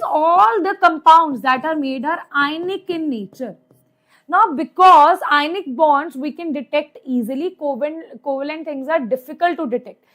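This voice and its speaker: High-pitched and a little bright, this young Indian English-accented teacher runs an online chemistry class for exam prep. Her style is talkative and repetitive, with "right?" tossed in constantly and some Hindi woven through.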